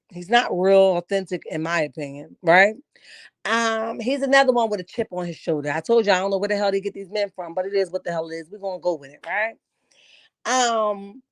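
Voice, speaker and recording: A woman's voice: a little high, dry recording. A woman giving blunt, opinionated commentary on a reality show, preachy and casual.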